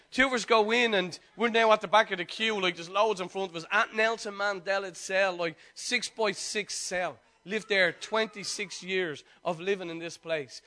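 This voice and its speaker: High, bright-voiced pastor. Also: male voice. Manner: lively storytelling, chatty and conversational. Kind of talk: sermon with personal anecdotes.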